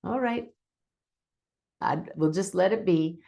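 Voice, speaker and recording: A woman medium gives a webinar talk in a low, gravelly voice at a slow pace. She recounts a reading expressively, re-enacting the dialogue, and teaches in an earnest tone.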